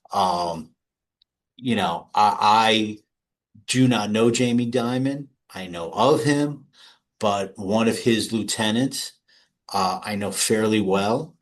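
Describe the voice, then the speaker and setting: A middle-aged man in casual interview talk, rambling through anecdotes with frequent restarts and small laughs. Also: on the low side. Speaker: guest. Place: home or office.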